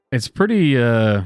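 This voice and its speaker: A man's voice: mid-range voice, smooth, dry recording, studio quality. A man doing sarcastic reaction commentary, sardonic and incredulous, with chuckling asides. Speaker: online commentator.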